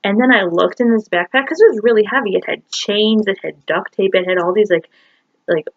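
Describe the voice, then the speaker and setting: A woman's voice: mid-range voice, fairly quick, dry recording. Rambling young woman on a dull phone mic. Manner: rambling, emotional, full of "like" and "you know". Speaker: vlogger. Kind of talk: personal storytelling to camera.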